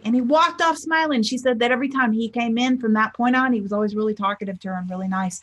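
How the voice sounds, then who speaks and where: A woman's voice: on the high side, fast, few pauses, fairly bright tone. A middle-aged woman, a spiritual teacher and life coach, giving a chatty motivational talk and acting out the people in her stories. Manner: chatty storyteller, acts out quotes.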